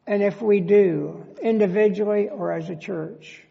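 A man's voice: high voice, fairly even intonation, measured pace, vocal fry. A male pastor preaching a sermon in a church, emphatic and full of rhetorical questions. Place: church sanctuary. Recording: long church reverb, dull lo-fi sound.

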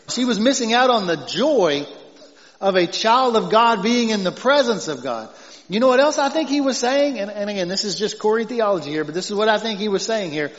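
A man with a Southern accent preaching a conversational sermon as pastor, growing loud and emphatic as he quotes scripture, often chuckling. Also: high voice. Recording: dull long reverb, lo-fi church hall.

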